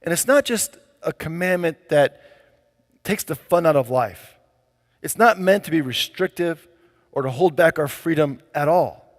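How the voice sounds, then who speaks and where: A man's voice: fairly high pitch, lively intonation, a little slow. A man preaching a sermon in a casual, conversational way, full of fillers. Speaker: pastor. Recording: long hall reverb.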